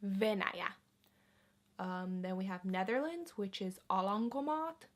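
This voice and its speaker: A woman in her twenties hosting a casual language lesson, saying each word slowly and clearly several times for learners. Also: mid-range voice, lively intonation. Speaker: language teacher and channel host.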